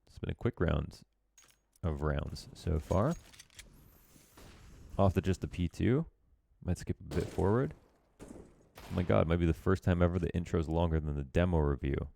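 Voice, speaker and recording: Low and dark, with vocal fry and frequent pauses, this man's voice comes at a moderate pace over a little hiss or hum. He's an esports coach breaking down a match demo for viewers. His analysis is chatty and informal, heavy on filler words, with occasional self-mocking remarks.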